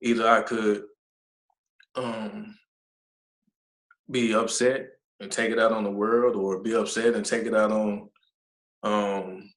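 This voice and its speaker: A man, a nonprofit founder, telling a personal story in an interview, halting and pausing often with fillers. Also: lowish voice, little pitch movement, roomy sound, low-quality recording. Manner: halting, with many pauses and fillers.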